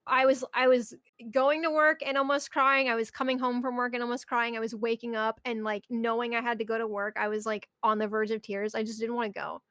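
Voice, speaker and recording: A woman's voice: a little high, level tone, fairly quick, fairly bright tone, no room sound, clean studio sound. A young woman streamer chatting casually and ranting about her job, swearing often and breaking into mock outbursts. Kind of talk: casual chat.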